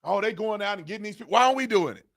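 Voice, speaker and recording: A man's voice: sits high, lively intonation, rapid-fire, vocal fry, a bit bright. A man hosting his own political commentary channel, ranting in exasperation and firing off repeated rhetorical questions in informal speech.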